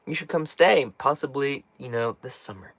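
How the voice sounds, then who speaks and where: A man's voice: mid-range voice, normal speed, fairly bright tone, no echo. Guy chatting on a livestream in a tiny house, laughs a lot, voice cracks sometimes, pretty dry sound. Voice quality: voice cracks at times. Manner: chatty, jokey, laughs often. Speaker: host reading a live chat. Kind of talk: casual live-stream chat. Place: inside a small tiny house.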